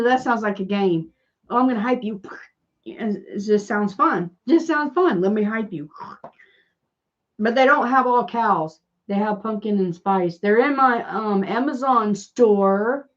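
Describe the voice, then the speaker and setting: A woman's voice: medium pitch, highs cut off. A woman with a Southern American accent hosting a casual crafting livestream, rambling and answering viewers' comments as she goes. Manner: rambling, chatty, reads and answers live comments.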